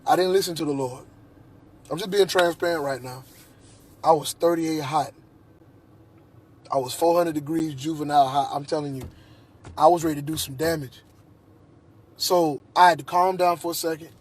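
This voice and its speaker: A man's voice: on the high side, fairly even intonation, normal speed, pauses often, slightly rough. A man in a heated personal monologue, agitated and repeating himself. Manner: agitated, repetitive, restarts often. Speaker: vlogger.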